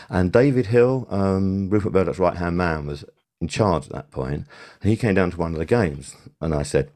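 An older man's voice sits low and mellow as he talks through old work stories as an interview guest. He rambles, doubles back and corrects himself in a loose, conversational way. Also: expressive, normal speed. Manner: rambling, self-correcting storyteller. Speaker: interview guest, TV sound supervisor. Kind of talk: casual interview recollection.

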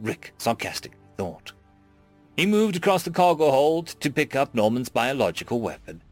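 A man reading a humorous science fiction story aloud in a wry, expressive storytelling manner. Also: a little high, dry recording. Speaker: story narrator. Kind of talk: scripted narration.

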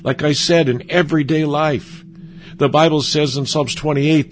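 A man's voice: a little high, steady tone. A man giving an earnest, conversational sermon as a preacher, often stumbling and restarting his sentences. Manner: earnest, halting with frequent restarts.

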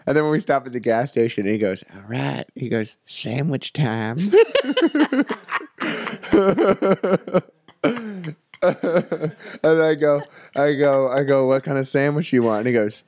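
A man's voice: a little high, expressive, slow, pauses often, darkish tone, no echo. A man telling a long story in casual chat, rambling and laughing as he acts out other people's lines.

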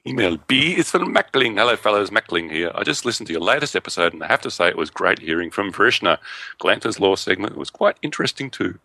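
A man's voice: lowish voice, big pitch swings, fast, sharp tone, no room sound. A man co-hosting a casual gaming podcast, making short dry remarks and reading listener emails aloud. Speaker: podcast co-host. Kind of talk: casual chat.

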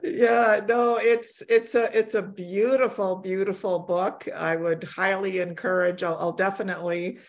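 A woman hosting a faith podcast interview, speaking in a quick, gushing way with frequent restarts. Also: medium pitch, level tone. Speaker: podcast host. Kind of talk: conversational interview.

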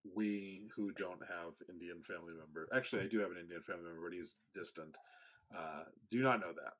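A man's voice: low-pitched, fairly quick, a bit bright. A man co-hosting a podcast in casual chat, hesitant and often trailing off. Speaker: podcast co-host.

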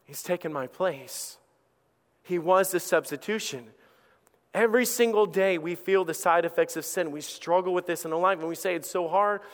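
In a church auditorium, a middle-aged male pastor with a high-pitched voice preaches an impassioned sermon at normal speed, acting out the voices of his listeners. The recording carries the long reverb of a large hall.

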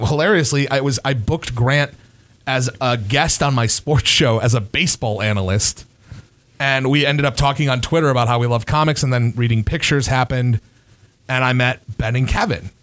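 A man hosting a podcast in a loose, rambling way. He swears casually and speaks from the heart. His voice sits at an ordinary middle pitch. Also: normal speed, fairly bright tone. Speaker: podcast host.

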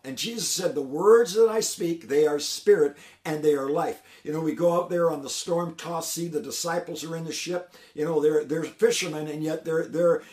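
A man preaches a Bible lesson in a slightly high voice, stopping and restarting often with fillers as he builds his points. The sound rings around a roomy, echoing space. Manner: halting, full of "uh" and "you know" restarts. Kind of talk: sermon teaching. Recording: roomy echo.

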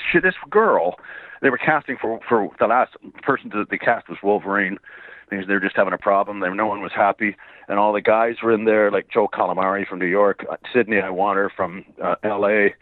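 Slightly hoarse man on a phone line. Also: on the low side, normal speed, no room sound. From Canada. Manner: rambling, laughs often, acts out quoted voices. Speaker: guest voice actor. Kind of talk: casual interview storytelling.

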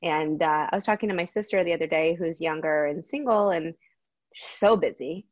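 A middle-aged woman speaking candidly as a guest, with a fairly low voice. The sound is dry and a bit dull, as if through a muffled mic. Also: normal speed, no room sound. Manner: candid, expressive. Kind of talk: casual chat.

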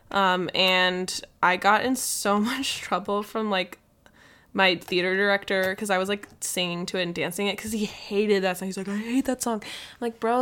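A woman's voice: medium pitch, a bit bright, clean tone. Chatty young woman podcast co-host. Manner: chatty, lots of "like" fillers. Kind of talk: casual chat.

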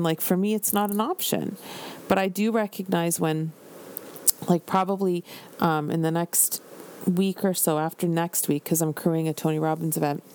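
A woman's voice: on the low side, darkish tone, slight background noise. Candid, chatty woman in her forties. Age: 40s. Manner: candid, chatty, frequent "like" fillers and swearing. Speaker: podcast host and business coach. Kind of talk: casual solo podcast talk.

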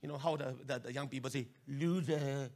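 A male pastor with a Singaporean English accent, preaching an animated sermon and urging his listeners to respond. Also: medium pitch, rapid-fire.

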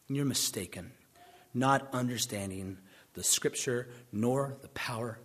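A man's voice: mid-range voice, unhurried, fairly bright tone, breathy edge. A man preaching a sermon in a conversational way, with dry, sardonic asides. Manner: conversational, sardonic asides, puts on mocking voices for questioners.

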